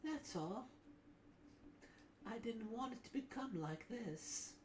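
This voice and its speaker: A man voicing a timid, sweet young woman in a comic reading, with a soft, hesitant delivery. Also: extremely high pitch, animated, slow, roomy sound, slight background noise, voice pushed up, heavily acted. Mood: apologetic. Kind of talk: comic reading with voiced characters.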